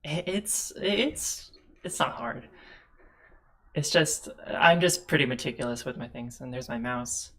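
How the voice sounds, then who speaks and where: Chatty stream host with a gravelly voice. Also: mid-range voice, lively intonation, unhurried, a bit bright. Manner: chatty and rambling, laughs often. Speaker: host of a streamed tabletop game show. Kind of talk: casual chat on a live stream. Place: home streaming setup with two monitors.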